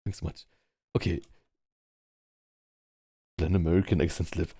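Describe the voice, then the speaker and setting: A man with a German accent chats casually in an online virtual world from home, rambling with plenty of fillers as he practices word sounds. His voice sits low, level and measured, dark and slightly rough. The recording is dry and studio quality.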